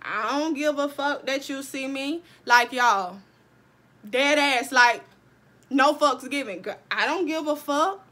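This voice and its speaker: A young woman with a high, bright, ringing voice tells a story in a casual vlog. She is animated and swears freely, and she keeps talking straight to her viewers. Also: takes it slowly. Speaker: vlogger.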